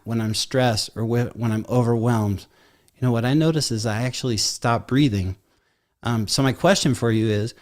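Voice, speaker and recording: A man co-hosts a live yoga podcast. He talks in a relaxed, chatty way, with loose fillers, as he lays out the topic and turns to the host with questions. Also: medium pitch. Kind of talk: live podcast talk, presenting and interviewing.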